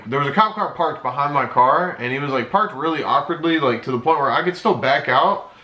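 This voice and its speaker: A man's voice: on the high side, a little fast, pushed and bright. A man in his twenties telling a casual, rambling story time with plenty of swearing, recorded in an echoey room. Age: 20s. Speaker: YouTuber and streamer.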